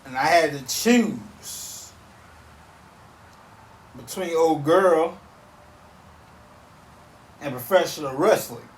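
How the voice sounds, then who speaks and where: Man in his thirties, podcast host, emphatic repetitive rant, slightly high voice, roomy off-mic sound. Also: extremely slow, long pauses. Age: 30s. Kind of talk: casual solo rant. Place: back porch outdoors.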